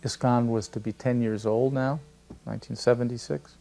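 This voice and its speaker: An older man telling a personal anecdote in a lively, storytelling way. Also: medium pitch, normal speed, gravelly. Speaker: devotee recalling memories. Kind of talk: storytelling interview.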